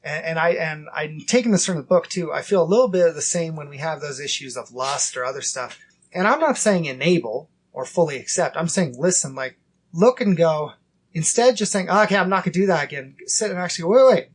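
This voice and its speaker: A man in his thirties hosting a casual faith podcast, earnest and acting out inner dialogue in quick quoted bits. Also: fairly high pitch, husky. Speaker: podcast host.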